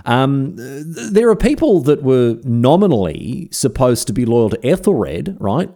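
An Australian man narrates history in a chatty, slangy style. His voice is mellow and warm, and his pitch swings widely as he tells the tale. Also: a little slow. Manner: chatty, slangy, animated storytelling. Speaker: history podcast host.

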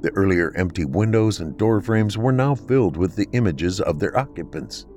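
A man hosting a podcast, narrating a horror story in a measured, dramatic way. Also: sits low, animated, darkish tone, faint music behind.

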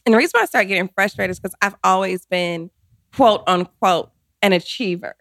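A woman in her forties, a guest telling her career story in an interview, animated and quick to act out what people said. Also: mid-range voice. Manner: animated, acts out quotes, laughs often.

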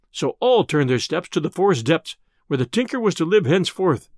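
Animated male storyteller, dry sound. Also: fairly high pitch, a little fast, dry recording. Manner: expressive, theatrical reading. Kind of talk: scripted narration of an old tale.

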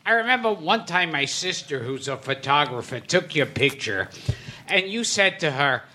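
A man hosting an interview, asking drawn-out questions with a laugh. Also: fairly high pitch, expressive, bright, forceful tone, a little hiss or hum. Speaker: podcast host.

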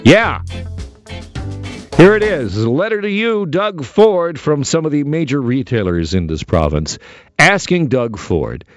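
A man's voice: a little high, sing-song, unhurried, no room sound, faint music behind. A middle-aged man, hosting a talk radio show in a jokey, theatrical monologue.

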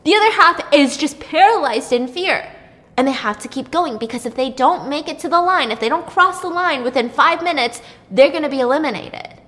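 A woman chatting casually as she retells a story, animated and chatty, often saying "like". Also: fairly high pitch, big-room sound. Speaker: podcast co-host recapping a show. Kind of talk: casual chat, retelling a plot.

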